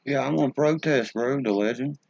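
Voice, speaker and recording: A man's voice: mid-range voice, fairly quick, gravelly, a little mellow, breathy edge, dry recording, muffled recording. A man with a West Virginia accent hosting a livestream, ranting profanely and answering chat. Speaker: livestream host. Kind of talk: casual livestream chat, reading the chat.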